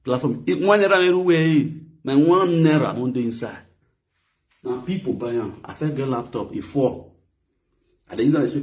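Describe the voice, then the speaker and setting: A Nigerian man rants on a live stream, mocking and animated, with a warm, mellow voice. He sits away from the mic, and the room throws his words back with a boomy echo. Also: fairly quick, distant mic. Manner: animated, mocking, mimics others in high voices. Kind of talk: ranting live-stream commentary.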